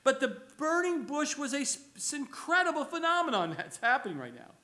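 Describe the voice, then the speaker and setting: A man delivers a relaxed, conversational sermon, with a notably high voice. His tone is bright and forceful. He often stumbles and repeats words as he explains scripture. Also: a little fast. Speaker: pastor.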